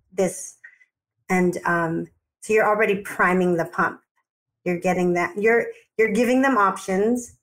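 A woman hosting an interview podcast, a dentist who enthusiastically recaps her guest's advice with a few ums. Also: medium pitch.

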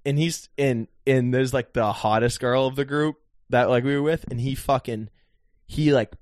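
A young man telling a story in a rapid, profane casual chat as a podcast host. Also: mid-range voice, steady tone, a little mellow, dry recording, clean studio sound. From Northeastern US.

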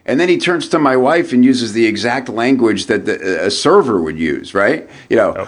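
A man on a podcast as a guest copywriter, telling a story in an animated way, often restarting and repeating words. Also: medium pitch, normal speed. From United States. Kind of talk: conversational storytelling.

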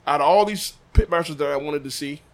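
A man's voice: fairly high pitch, fast talker. A man from Des Moines, a barbecue pitmaster, telling a story in a casual chat and acting out the quoted dialogue. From Des Moines, Iowa. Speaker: podcast guest, barbecue pitmaster. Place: room above a butcher shop.

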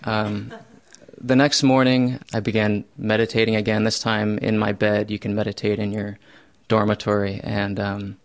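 A young man telling a first-person true story in a self-mocking way, with loud bursts when he voices his own panic. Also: lowish voice, flat delivery, normal speed.

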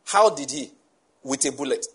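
A man's voice: medium pitch, expressive, moderate pace, fairly bright tone, husky. A man preaching a sermon, emphatic and full of rhetorical questions to the congregation.

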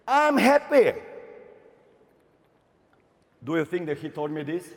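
A young man from Slovenia giving a dramatic motivational stage talk, with emphatic outbursts and long pauses. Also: fairly high pitch, big pitch swings, creaky. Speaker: motivational speaker. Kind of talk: stage speech telling a personal story. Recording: reverberant hall.

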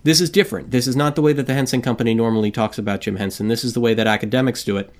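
A man's voice: medium pitch, fairly even intonation, very fast. A man co-hosting a casual podcast, joking and self-deprecating, with a rambling delivery full of fillers. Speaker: podcast co-host.

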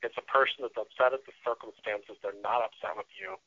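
A man talking earnestly as a radio guest, often restarting and filling pauses as he explains his ideas. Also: on the low side, steady tone. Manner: earnest, with frequent restarts and fillers. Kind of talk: casual interview talk. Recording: dull lo-fi radio sound.

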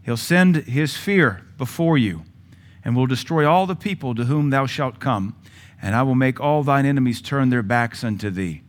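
Forceful male preacher, loud then hushed. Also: medium pitch, moderate pace. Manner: forceful preaching with sudden loud rises and quiet drops. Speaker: pastor. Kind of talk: sermon.

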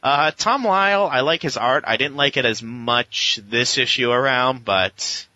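A man talking through a comic book issue in a loose, rambling podcast chat, now and then popping into a quick voice for a character. His voice is very bright and forceful. The recording is dry and a little dull. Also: mid-range voice, dry recording. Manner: rambling recap, with animated quoted voices. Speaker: podcast co-host.

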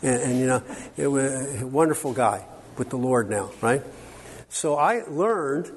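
A middle-aged man teaching a workshop on counseling to a live audience. He talks in an animated, joking way and quizzes the listeners with questions. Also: mid-range voice, measured pace. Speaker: workshop speaker on biblical counseling. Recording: long hall reverb, faint background noise.

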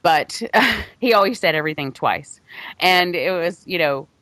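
A woman's voice: on the low side, lively intonation, unhurried, fairly bright tone, no echo. A woman co-hosting a film podcast, talking casually and rambling, with frequent laughs and restarts. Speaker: podcast co-host. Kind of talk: casual chat about films.

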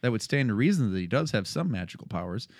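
A man's voice: fairly low pitch, sing-song, quick pace, no echo, clean studio sound. A man co-hosting a casual movie podcast, musing in an easygoing, amused way. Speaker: podcast co-host. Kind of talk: casual movie recap chat.

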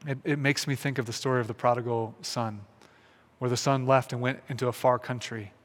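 A man's voice: mid-range voice, fairly even intonation. Earnest man preaching in a reverberant space. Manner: earnest and searching, with many restarts and slow, softened pauses. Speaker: pastor. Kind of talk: reflective sermon.

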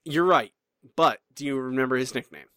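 A man's voice: medium pitch, brisk, pushed and bright, smooth, no echo, studio quality. A man co-hosting a podcast in casual chat, teasing and self-deprecating as he runs a trivia game. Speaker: podcast co-host.

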